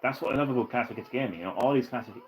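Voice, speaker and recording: A man streaming retro games live, ranting and swearing with bursts of excitement and laughter. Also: mid-range voice, rapid-fire, rough recording. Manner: ranting, profane, excitable, laughs at own jokes. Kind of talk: casual live-stream chat.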